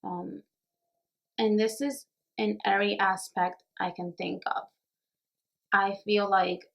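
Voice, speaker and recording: A woman's voice: mid-range voice, creaky. Earnest woman vlogger talking to camera. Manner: earnest, reflective, nervous and emotional. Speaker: makeup artist and beauty vlogger. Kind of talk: casual talk to camera.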